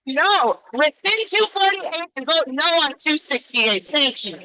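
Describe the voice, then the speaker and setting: High, bright, indignant woman. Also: expressive, unhurried, dry recording, low-quality recording. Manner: emphatic, indignant. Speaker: public commenter. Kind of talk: public testimony.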